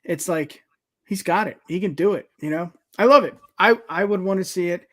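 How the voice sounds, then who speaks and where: A man's voice: high voice, moderate pace. A man co-hosting a wrestling podcast, chatting casually and hyping things up. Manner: hype-man, energetic sign-offs. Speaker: podcast co-host.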